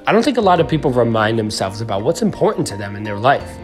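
A man's voice: mid-range voice, very animated, quick pace, faint music behind. A man hosting a podcast, giving an earnest self-help talk and coaching the listener straight through a breathing exercise. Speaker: podcast host.

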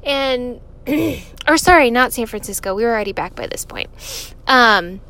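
A woman's voice: a little high, animated, moderate pace, sharp tone. A woman in her thirties from California, telling a personal story to viewers in a chatty way, swearing freely and laughing often.

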